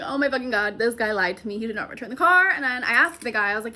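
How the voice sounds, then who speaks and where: A young storytime vlogger tells her viewers a tale in a high-leaning, expressive voice, rapid-fire with hardly any pauses and a sharp tone. Her casual monologue is chatty and profane, packed with "like."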